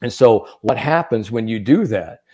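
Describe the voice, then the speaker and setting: A man's voice: lowish voice, moderate pace, husky. A man who is a sports psychologist, giving mental coaching advice in a podcast chat and acting out the people he quotes. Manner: animated storyteller, acts out quotes.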